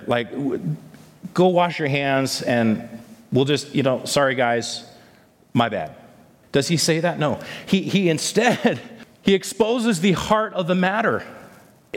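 A male pastor delivering a sermon, asking the congregation rhetorical questions and tossing in "amen?" asides. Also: fairly high pitch. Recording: long hall reverb.

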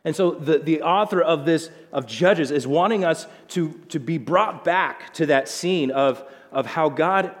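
Pastor, male, slightly high voice, chatty sermon delivery, long hall echo. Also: unhurried, few pauses. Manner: conversational, acts out quotes with shifting voices. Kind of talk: sermon, Bible teaching.

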